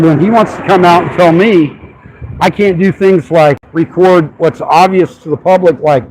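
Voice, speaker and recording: A man's voice: a little high, a little mellow, a little hiss or hum, low-quality recording. A man ranting on a casual livestream from a city sidewalk, irritated and swearing freely as he films. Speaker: street filmer livestreaming.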